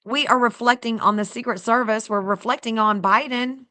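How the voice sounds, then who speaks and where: A woman hosting a casual livestream, chatty and excitable, talking straight to her viewers and laughing often. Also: fairly high pitch, normal speed. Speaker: livestream host reading astrology maps.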